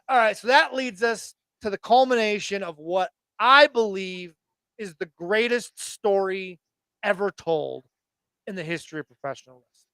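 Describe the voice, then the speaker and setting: Male podcast co-host, 30s, high voice, dry close mic, animated swearing fan storyteller. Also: smooth, no echo. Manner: excited, profane storytelling. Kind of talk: casual wrestling chat.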